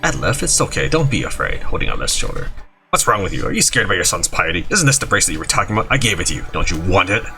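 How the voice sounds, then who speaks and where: A man's voice: low voice, rapid-fire, gravelly, faint music behind. A man playing a video game and reading its dialogue aloud, jumping between voices and asides. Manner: animated, jumps between character voices and asides. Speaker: gaming YouTuber.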